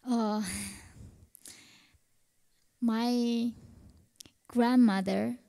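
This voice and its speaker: A young woman with a Korean accent speaks earnestly to a university audience. Her voice sits a little high and carries a long hall reverb. She answers questions with passion and conviction. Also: steady tone, drawn-out words, vocal fry, mellow. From North Korea. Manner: earnest, impassioned. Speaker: guest speaker. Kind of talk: lecture Q&A answers. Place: university auditorium.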